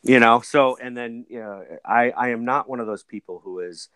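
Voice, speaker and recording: A man's voice: mid-range voice, normal speed, bright, forceful tone, clear, resonant tone, dry recording. A man in his forties, a podcast guest, talking in a rambling way with many restarts and fillers. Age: 40s. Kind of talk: casual conversational interview.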